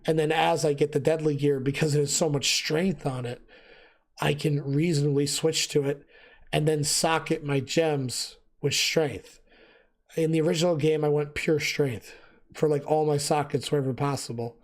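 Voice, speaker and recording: A man's voice: on the high side, moderate pace. Man losing his voice explaining gear. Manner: relaxed, thinking aloud with fillers. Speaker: gaming video host. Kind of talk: casual gameplay gear explanation.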